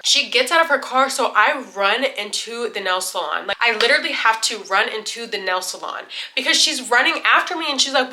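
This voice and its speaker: A woman beauty vlogger telling a story in a casual, chatty way while doing her makeup, with lots of "like" and an animated retelling. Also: fairly high pitch, brisk, few pauses.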